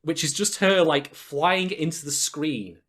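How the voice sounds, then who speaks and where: A man co-hosts a laid-back podcast. His talk is animated and full of emphatic, salty asides. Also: on the high side, measured pace. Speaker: podcast co-host. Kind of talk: casual podcast chat.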